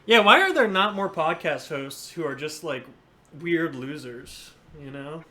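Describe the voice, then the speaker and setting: A man's voice: fairly high pitch, animated, measured pace, bright, forceful tone. A man hosting a casual podcast chat, laughing often and joking about himself. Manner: self-deprecating, laughs often. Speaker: podcast host.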